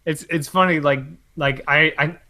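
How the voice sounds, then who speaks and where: A man's voice: a little high, steady tone, normal speed, sharp tone. A man hosting a podcast in casual chat, self-deprecating and rambling with many restarts and swearing. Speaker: podcast host.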